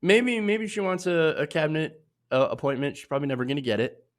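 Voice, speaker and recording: A man's voice: on the high side, expressive, quick pace. A man with a cold, hosting a casual political commentary show, opinionated and full of fillers and restarts. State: sick with sniffles.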